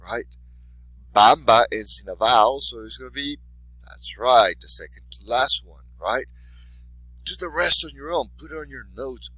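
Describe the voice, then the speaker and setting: A man's voice: mid-range voice, pushed and bright, no room sound, rough recording. A man teaching a lesson in English, patiently saying each example word twice. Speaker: Spanish teacher. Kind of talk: recorded classroom lesson.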